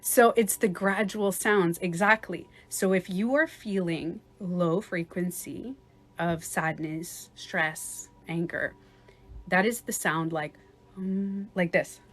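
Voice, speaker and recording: A woman's voice: on the low side, takes it slowly. A woman life coach in a casual livestream talk, chatty and swearing at times, acting out other people's voices.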